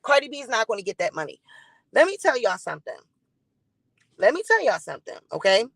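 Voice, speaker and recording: A woman's voice: fairly high pitch, very animated, fairly quick, gravelly, a bit bright, no echo, low-quality recording. A woman hosting a live-stream gossip commentary, blunt and defiant, swearing freely and greeting chat viewers by name.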